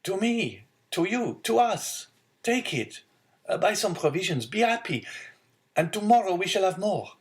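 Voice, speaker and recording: A man's voice: on the high side, expressive, measured pace, pitched above the performer's own voice. A man voicing an earnest young sailor of twenty, devoted to his father, reading from a storybook. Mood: joyful. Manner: earnest, pleading.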